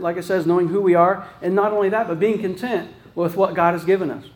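Man, high voice, casual preacher, chatty sermon, keeps asking "right?", echoey room. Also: a little mellow. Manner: casual, peppered with "right?" tag questions and restarts. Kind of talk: conversational sermon.

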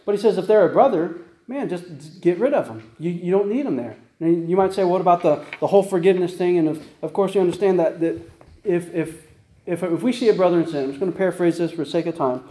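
Male pastor, fast conversational sermon, mellow voice, echoey church room. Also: sits high. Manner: conversational, repeats "right?" and "guess what?".

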